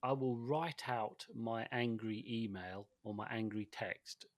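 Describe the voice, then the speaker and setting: A man's voice: medium pitch, measured pace, no room sound, studio quality. A man co-hosting a podcast in casual chat, rambling and hesitant, with frequent restarts and fillers. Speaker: podcast co-host.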